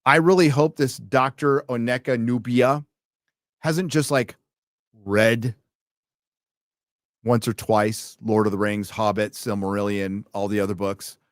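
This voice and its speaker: A man's voice: fairly low pitch, steady tone, unhurried, long pauses, no echo, clean studio sound. A man hosting a casual late-night livestream, reading out viewer donations and rambling with wry, profane asides.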